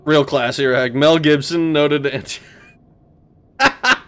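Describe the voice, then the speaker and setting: A man's voice: a little high, takes it slowly, fairly bright tone, smooth. Rambling man streaming a game. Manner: rambling, swears, laughs, talks back to chat. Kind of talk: casual gameplay commentary.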